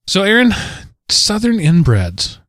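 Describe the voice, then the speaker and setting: Lively higher-voiced male podcast host. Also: takes it slowly, no echo, studio quality. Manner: animated storyteller, lively delivery. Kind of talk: casual chat.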